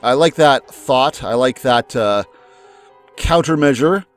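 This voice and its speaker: A male let's play host talks casually, musing over the story and wondering aloud what comes next. His voice sits in a middle range and often leaps up when he gets excited. Faint music plays under him. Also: takes it slowly. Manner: chatty, musing, with lively jumps in pitch. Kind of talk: casual commentary before a game.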